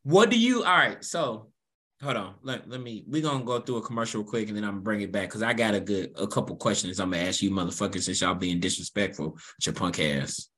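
A man from Louisville with a Kentucky accent hosting a casual chat, brash and teasing, swearing freely and firing back quick comebacks. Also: lowish voice, sharp tone.

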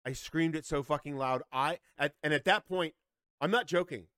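A man's voice: on the high side, moderate pace, pushed and bright, no room sound. Man in his forties, podcast co-host, profane heated storytelling, dry close sound. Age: 40s. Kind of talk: casual chat.

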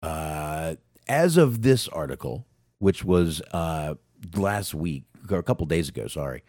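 A man co-hosting a casual wrestling podcast, talking profanely and excitably while he has a sinus cold. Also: extremely low pitch, a little slow, no room sound, studio quality. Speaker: podcast co-host.

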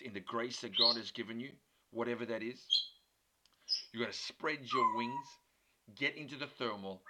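A man giving an earnest, emphatic sermon built around a personal story. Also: medium pitch. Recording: loud background noise.

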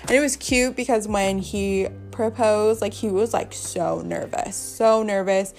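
A woman's voice: medium pitch, fairly even intonation, a little slow, a little mellow, faint music behind. A young woman hosting a podcast, chatting casually and gossiping bluntly, swearing freely and saying "like" a lot. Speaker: podcast host. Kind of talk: casual chat.

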